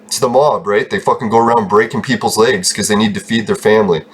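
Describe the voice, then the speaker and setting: This gaming host delivers loose, rambling commentary full of heavy swearing, rants, and quick bursts of laughter. His low-leaning voice is slightly rough, and his intonation stays fairly even.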